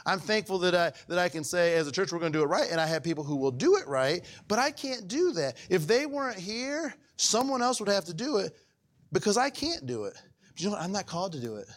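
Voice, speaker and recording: Male pastor, high-pitched, folksy conversational sermon with many asides to the congregation. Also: sing-song, fast. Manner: conversational preaching with frequent questions to the congregation; wide swings between raised and hushed delivery.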